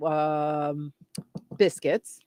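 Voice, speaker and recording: A woman co-hosting a morning radio show, chatting casually in an expressive, emotional way and laughing easily. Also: low voice, extremely slow, no echo, studio quality.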